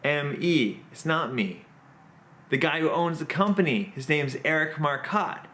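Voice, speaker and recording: A man hosting his own video, recapping a puzzle in an excitable, self-mocking way. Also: fairly high pitch, measured pace. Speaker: magician and comedian host. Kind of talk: animated storytelling recap.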